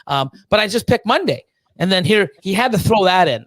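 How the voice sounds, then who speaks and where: A man with a notably high voice hosts a live chat stream, swearing freely and telling stories with lots of animation. He laughs often mid-sentence and mimics the people in his stories. The sound is dry and close. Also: unhurried, creaky, long pauses, no room sound. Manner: profane, animated storytelling; acts out quoted exchanges with voice changes. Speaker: host of a reptile-keeping live show.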